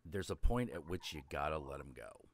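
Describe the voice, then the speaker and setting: A man hosting a live stream, telling a story in a casual, profane and animated way. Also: rumbling low, normal speed, a little hiss or hum. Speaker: host.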